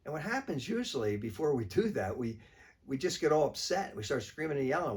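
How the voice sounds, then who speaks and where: A man's voice: mid-range voice, lively intonation, brisk. A man, a priest, giving a short weekly reflection in a conversational, plain-spoken way.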